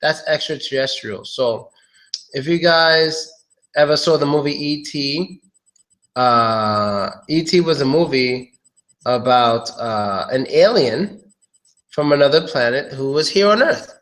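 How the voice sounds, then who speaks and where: A man giving a casual pronunciation lesson, drilling words slowly and chatting between examples. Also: mid-range voice, expressive, fairly bright tone. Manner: slow, drawn-out drilling of words, chatty asides. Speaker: pronunciation teacher.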